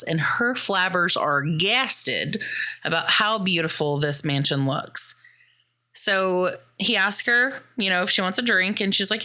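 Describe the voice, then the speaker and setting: A woman podcast host from the US Midwest recapping a movie in a casual, chatty way, acting out the characters' lines. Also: lowish voice. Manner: animated, chatty, acts out quoted lines.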